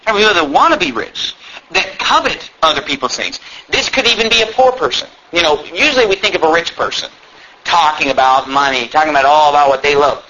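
A man's voice: on the high side, expressive, brisk, bright, forceful tone. A male pastor preaching a sermon, emphatic and full of rhetorical questions. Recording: dull lo-fi with faint noise.

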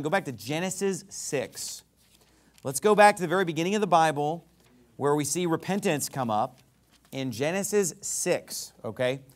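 A male pastor preaching a sermon, acting out imagined speakers as he teaches. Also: a little high.

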